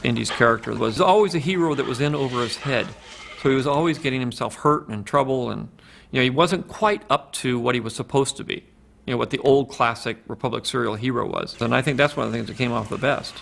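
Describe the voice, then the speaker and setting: A man, a filmmaker, briskly reflecting in an interview. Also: mid-range voice, gravelly, fairly bright tone, a little hiss or hum.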